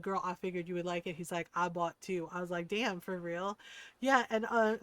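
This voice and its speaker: A woman livestreaming a game, chatting casually and telling a story full of "like" and casual swearing, acting out her friends' lines. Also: mid-range voice. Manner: acts out friends' lines in excited voices. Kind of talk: casual chat while gaming.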